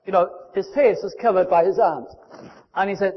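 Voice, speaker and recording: An old man in his nineties preaches with fervor, his voice set high for a man. He swells into impassioned cries and then falls back to hushed pleading. The sound is muffled and rings with the long reverb of a large hall. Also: moderate pace, slightly rough. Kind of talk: sermon.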